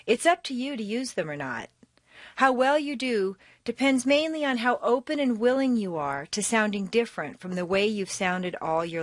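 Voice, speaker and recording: An American woman narrates a scripted accent lesson. Her pitch rises and falls in wide, melodic swings, and she talks quickly with her words linked together. The sound is close and dry, with no room echo. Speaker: accent coach.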